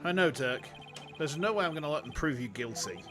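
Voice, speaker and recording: A man voicing an earnest young male lawyer, upset and pleading, his voice pushed higher. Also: lively intonation, fairly quick, music in the background, natural voice. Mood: distressed.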